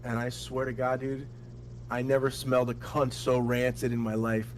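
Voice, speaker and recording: A man telling crude, animated stories full of cursing in a casual podcast chat. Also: mid-range voice, moderate pace, a little hiss or hum, rough recording. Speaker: podcast co-host.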